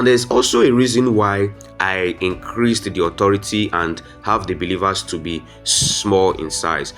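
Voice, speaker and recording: Low-voiced man walking through a design tutorial. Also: fairly bright tone. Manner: step-by-step instructions, frequent "um" fillers, addresses viewers as "guys". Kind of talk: screen-recorded software tutorial.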